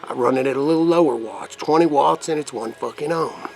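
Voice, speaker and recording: A man with a fairly high, brisk voice reviews vape mods in a rambling, profane vlog. He puts on a crude, rough redneck persona for this casual product demo.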